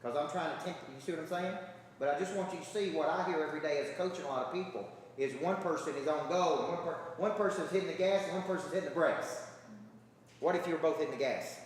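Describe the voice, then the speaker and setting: A man's voice: on the high side, fast talker, a little hiss or hum. A man coaching a live audience, emphatic, constantly checking in with the crowd. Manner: emphatic, repeats rhetorical check-ins with the crowd. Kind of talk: seminar talk to an audience. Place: large hall with a live audience. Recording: echoey hall from far off.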